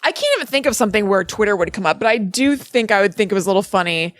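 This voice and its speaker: A woman's voice: medium pitch, animated, racing, dry recording. A woman co-hosting a podcast in casual chat, rambling a little with many fillers. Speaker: podcast co-host.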